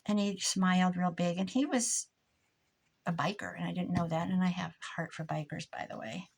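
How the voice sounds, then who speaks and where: Her voice is lowish with vocal fry and a breathy edge, delivered at a moderate pace with fairly even intonation. The speaker, an older woman who vlogs about crafting, rambles in a pretend-grouchy manner while making something.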